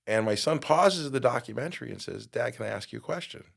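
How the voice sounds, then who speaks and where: A middle-aged man telling a personal story in a podcast interview, acting out quotes and getting loud at the big moments. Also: mid-range voice, fast talker, vocal fry, breathy edge. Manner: animated storyteller, acts out quotes with big jumps in loudness. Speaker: guest.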